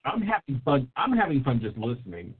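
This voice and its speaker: A man co-hosting a radio interview, relaxed and appreciative. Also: mid-range voice, a little fast, breathy edge. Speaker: radio co-host. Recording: phone line.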